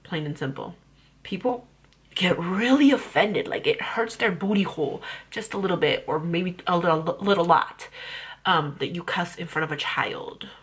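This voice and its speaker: Blunt, profane, husky young woman. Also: lowish voice, normal speed. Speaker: parenting vlogger. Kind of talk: blunt vlog rant.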